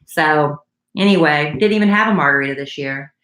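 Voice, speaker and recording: Low-voiced woman in an echoey room. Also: fairly quick, a bit bright. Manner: teasing, chatty, steers the talk. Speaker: podcast co-host. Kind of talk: casual chat.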